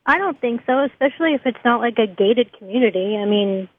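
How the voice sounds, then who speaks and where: A woman's voice: on the high side, animated, fairly quick, husky, no room sound. Woman caller on a phone line. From Burns.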